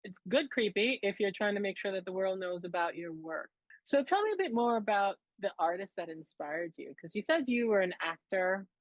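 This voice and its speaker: A woman hosting an interview, asking follow-ups and affirming often as she listens. The sound is dry and close, with no room echo, and her voice sits at a middle pitch. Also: lively intonation, moderate pace. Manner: attentive, frequent short affirmations. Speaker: interview host. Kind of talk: casual interview conversation.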